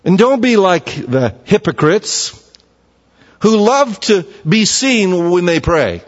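A man preaching a sermon in an earnest, emphatic way, with long pauses, recorded in a church sanctuary. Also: high-pitched, big pitch swings. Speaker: pastor. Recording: dull lo-fi sound with long hall reverb.

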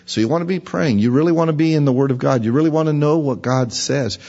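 A man preaching a conversational sermon, acting out everyday voices with a pitch jump. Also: fast talker, darkish tone. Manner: conversational, acts out imagined voices in a higher pitch. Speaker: pastor. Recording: dull reverberant hall sound.

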